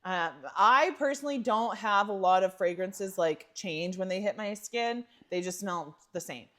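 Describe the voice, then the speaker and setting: A woman co-hosting a podcast, telling travel stories in casual chat, animated and laughing often. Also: mid-range voice, measured pace. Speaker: podcast co-host.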